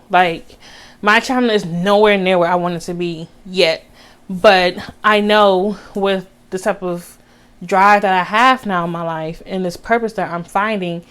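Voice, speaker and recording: A woman's voice: medium pitch, clear, resonant tone. A young adult woman talking earnestly to her viewers in a personal vlog, encouraging them and calling them baby. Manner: casual with Southern US slang like y'all. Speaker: vlogger. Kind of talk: heartfelt personal vlog talk.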